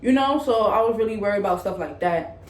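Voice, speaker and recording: A woman's voice: mid-range voice, expressive, fast, a little hiss or hum. A young woman telling a personal story in a candid, chatty way, acting out what others said. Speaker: vlogger. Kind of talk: casual storytime. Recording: echoey room with faint ambience.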